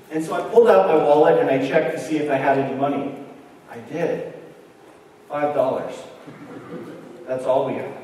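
A middle-aged man preaching a sermon, telling a personal story and acting out the dialogue with lively energy. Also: on the high side, slight background noise. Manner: animated storyteller, acts out dialogue. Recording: echoey hall recorded from far off.

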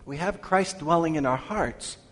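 A man preaching a sermon as pastor, asking his congregation questions and slowing down to read scripture aloud. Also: a little high, fairly bright tone. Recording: long hall reverb.

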